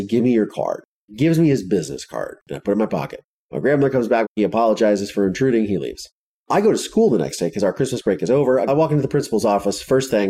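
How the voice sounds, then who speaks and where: A man's voice: on the low side, mellow. A man from Ohio telling a personal story in the first person, blunt and intense, swearing freely. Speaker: podcast guest telling his story.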